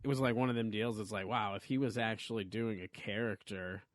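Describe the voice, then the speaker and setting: A man's voice: fairly low pitch, steady tone, brisk, no echo, clean studio sound. A man hosting a comedy podcast, chatting casually in a rambling, self-deprecating way with lots of fillers. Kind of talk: casual chat.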